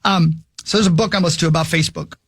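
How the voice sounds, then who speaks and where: A man's voice: fairly high pitch, steady tone, very fast, husky, no echo. A man on a radio studio mic, telling a long rambling story in casual chat with his co-hosts. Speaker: radio show host.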